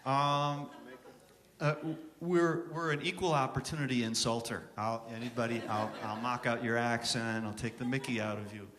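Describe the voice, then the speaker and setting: A man's voice: mid-range voice, fairly even intonation, normal speed, fairly bright tone, long reverb tail. A man in his fifties from upstate New York, giving a joking, chatty songwriting workshop in a church chapel and bantering with the audience. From Syracuse, New York, USA. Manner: wisecracking, self-deprecating, chatty with the audience. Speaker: songwriting teacher presenting a workshop. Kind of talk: joking conference workshop talk.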